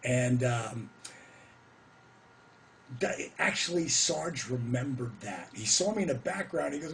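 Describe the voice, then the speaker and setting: Gravelly-voiced man telling a story. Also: mid-range voice, slow, long pauses, slight background noise. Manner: animated, whooping, drops into quoted voices. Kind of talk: casual storytelling.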